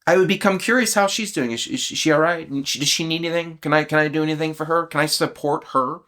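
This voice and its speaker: A man's voice: fairly high pitch, fast. A man in his fifties speaking candidly and emotionally, questioning his own beliefs aloud in a reflective self-inquiry. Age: 50s. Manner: candid and vulnerable, with soft laughs. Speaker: channel host.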